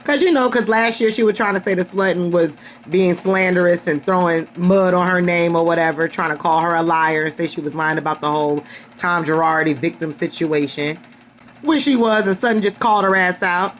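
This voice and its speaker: A woman's voice: lowish voice, a little fast. A young woman recapping a reality show in a casual video review, talking in a sassy, emphatic way and calling listeners honey and girl.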